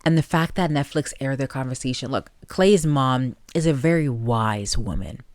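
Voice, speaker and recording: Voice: medium pitch, moderate pace, no echo. Opinionated podcast host, dry close sound. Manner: opinionated, animated, talks to listeners directly. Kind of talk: casual solo commentary.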